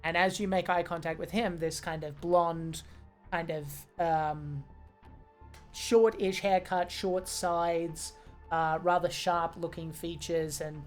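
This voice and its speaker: A woman narrating as game master of a tabletop game, describing scenes with many pauses and fillers. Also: fairly low pitch, fairly even intonation, a little mellow, faint music behind.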